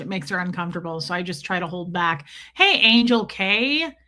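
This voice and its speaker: A woman in her forties hosting a casual livestream, greeting viewers by name and joking with dark humor. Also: fairly low pitch, animated, normal speed. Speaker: livestream host. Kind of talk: casual livestream chat reading viewer comments.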